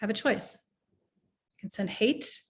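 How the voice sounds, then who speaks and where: Earnest and reflective, a middle-aged life coach delivers a motivational talk to a woman's measure. Now and then she leads the listener in slow breathing.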